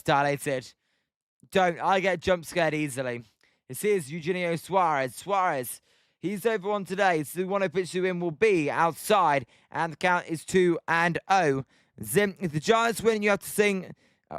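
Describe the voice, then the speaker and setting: Young British male streamer, high and bright register, clean dry close-mic sound, casual self-deprecating chat. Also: clear, resonant tone, dry recording. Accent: British English. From Britain. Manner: chatty, self-mocking, reads chat aloud. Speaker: livestream host watching baseball.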